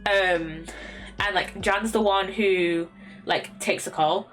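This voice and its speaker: Young English woman streamer, casual, rambling with many fillers, soft music underneath. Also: mid-range voice, fairly even intonation, takes it slowly. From England. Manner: rambling, many ums and restarts. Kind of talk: casual chat.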